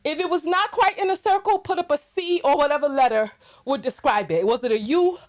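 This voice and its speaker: A woman's voice: high voice, lively intonation, a little fast. A woman hosting a casual livestream, exuberant and playful, chatting to her viewers while out of breath. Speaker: livestream host.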